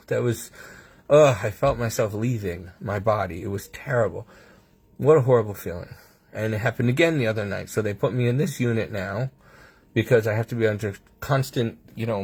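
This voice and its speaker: A man talking casually to his phone camera from a hospital room, rambling and halting with restarts and nervous laughs. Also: fairly low pitch, a little mellow, breathy edge. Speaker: patient sharing his health ordeal. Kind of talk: casual vlog monologue.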